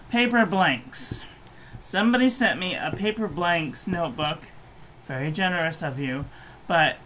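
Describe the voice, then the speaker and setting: A woman's voice: fairly low pitch, slight background noise, poor audio. A woman giving a casual, blunt and frankly profane review of pens and paper. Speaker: stationery reviewer.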